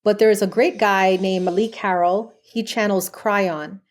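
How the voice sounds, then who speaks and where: A woman speaks as a podcast guest, earnest and chatty, telling stories about her spiritual work. Her voice sits at an ordinary middle pitch, and her talk is loose, with casual fillers. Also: steady tone, measured pace. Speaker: guest, spiritual medium and past life regression therapist. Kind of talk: podcast interview.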